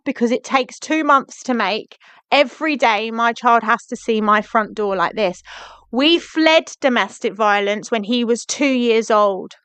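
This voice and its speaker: A young woman talks straight into her phone on a live stream, indignant and pressing, repeating pointed questions at her viewers. Her voice sits a bit high and sounds crisp and clean, with a dry, close sound and no room around it. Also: sharp tone, dry recording. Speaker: livestreamer. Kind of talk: angry live-stream rant.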